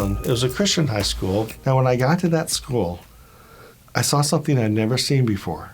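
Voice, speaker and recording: A man's voice: medium pitch, lively intonation, fairly quick, darkish tone, soft background music. Earnest man sharing his testimony. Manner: earnest and reflective, with occasional fillers. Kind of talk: personal testimony.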